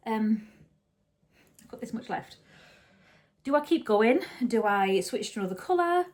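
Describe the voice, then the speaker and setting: A woman's voice: a little high, expressive, measured pace, pauses often. A woman chatting casually at home as host of a knitting podcast, rambling and often correcting herself. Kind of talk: casual chat.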